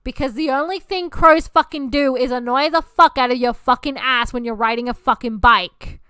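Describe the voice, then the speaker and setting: Woman podcast host, high voice, sharp and bright, swearing through an emphatic rant. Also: moderate pace, clean tone, dry recording. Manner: profane, heated, emphatic ranting. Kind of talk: ranting monologue.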